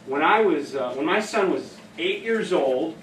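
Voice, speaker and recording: Running a training workshop, a man tells casual anecdotes and laughs at his own stories, his fairly high, bright voice carrying lively intonation at a slightly slow pace. He's picked up from across an echoey room, with a faint hum of room noise behind him.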